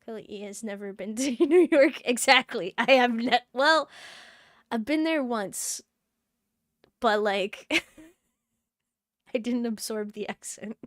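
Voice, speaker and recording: A woman's voice: a little high, slow pace, pauses often, no echo, clean studio sound. A woman streaming a game, chatting casually in a giggly, playful way. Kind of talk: casual chat while playing.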